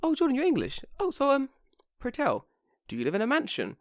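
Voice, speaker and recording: A man putting on a shrill, prim, nosy woman. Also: wildly swooping pitch, fairly quick, dry recording, clean studio sound, full character voice. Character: prim, nosy woman asking a prying question.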